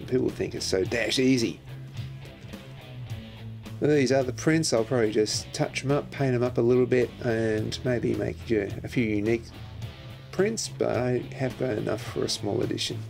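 Gravelly man, wry and self-mocking. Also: medium pitch, normal speed, darkish tone. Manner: wry, self-mocking, mock-exasperated swearing at his print press. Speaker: printmaker demonstrating his process. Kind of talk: comic self-narrated studio vlog. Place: print studio. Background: faint guitar music.

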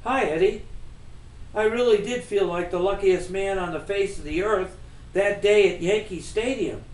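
A man's voice: high-pitched, moderate pace, natural voice. A man voicing the humble, reflective ghost of a baseball star, in an echoey room. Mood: earnest.

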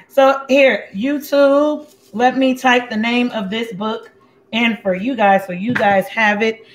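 A woman's voice: on the high side, steady tone, slow, dull audio. Woman host, blunt and sassy, cooking-stream chat in an echoey kitchen with a faint hum behind her. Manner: blunt, sassy, chatty, talks to viewers. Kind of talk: casual livestream cooking chat. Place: home kitchen. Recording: echoey room with faint background noise.

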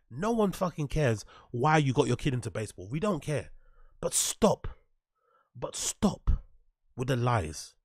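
A man streams commentary over podcast clips, sarcastic and mocking, cursing plenty and reading his chat aloud as he replies. His voice is on the high side, recorded dry with clean studio sound.

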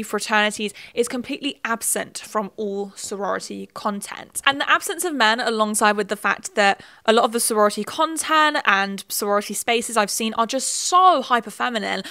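A woman's voice: a little high, sharp tone, clear, resonant tone. A young woman presenting a commentary video essay in an opinionated, conversational and emphatic way.

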